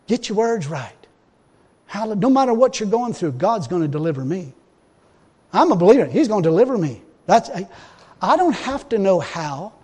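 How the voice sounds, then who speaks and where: A man with a notably high voice delivers a folksy, emphatic sermon. He swings from loud exhortation to quiet, wry asides, chuckling along the way. The sound carries a long reverb from a large hall. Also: very animated, normal speed, husky. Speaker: preacher.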